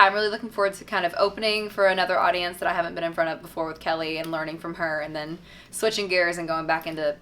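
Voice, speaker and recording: A woman's voice: lowish voice, bright, forceful tone. A woman from Tennessee, a singer, reading out fan questions and answering them in a chatty, upbeat way with lots of "um" and "like". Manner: chatty and upbeat, many fillers like "um" and "like". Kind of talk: casual fan Q&A.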